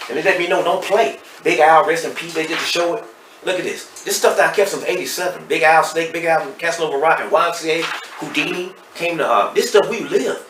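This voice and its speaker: A middle-aged man with a Texas accent, speaking as a podcast guest and telling his story candidly and emotionally, swinging between loud and hushed. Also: on the high side, fairly quick, distant mic. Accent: Southern US, Texas. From Dallas, Texas. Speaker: podcast guest, hip hop artist. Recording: roomy echo, off-mic, faint noise.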